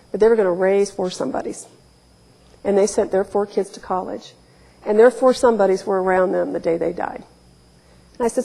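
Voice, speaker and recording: This is a medium-pitched, mellow woman's voice with vocal fry. She's in her forties, from Ohio, and tells wry, candid stories with emphatic quoted asides at a public talk in a lecture hall whose sound is reverberant.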